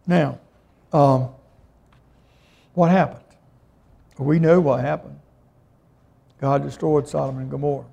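A male preacher delivering a sermon, reading scripture aloud and then unpacking it in plain words. His voice sits a little high for a man, with a dark, mellow tone and a gravelly edge. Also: fairly even intonation, takes it slowly, pauses often, muffled recording. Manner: plain-spoken, reads scripture aloud and explains it.

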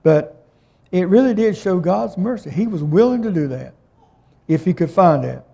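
A male preacher delivering a sermon, reading scripture aloud and then unpacking it in plain words. His voice sits a little high for a man, with a dark, mellow tone and a gravelly edge. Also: lively intonation, moderate pace. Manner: plain-spoken, reads scripture aloud and explains it.

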